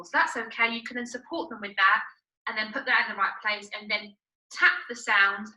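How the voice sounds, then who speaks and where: A woman's voice: on the high side, bright, forceful tone, poor audio. A woman teacher explaining a writing method to parents, step by step with the odd filler.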